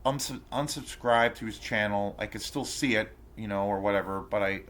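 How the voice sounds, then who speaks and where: Hosting his own casual rant vlog, this man speaks in a fairly low, slightly bright voice at normal speed. Outraged, he stumbles through a profane, rambling story packed with fillers and false starts.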